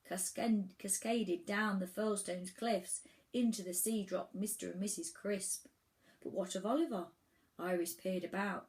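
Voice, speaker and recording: A woman reading a children's storybook aloud, telling it in an animated way with the odd restart. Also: medium pitch, low-quality recording. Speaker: children's book reader.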